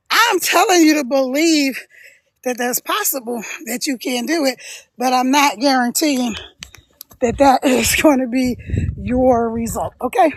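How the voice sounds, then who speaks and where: Walking uphill outside, a middle-aged online business coach livestreams and talks easily with her audience, slightly winded and laughing a lot. She speaks in a high voice at a measured pace, with no room sound.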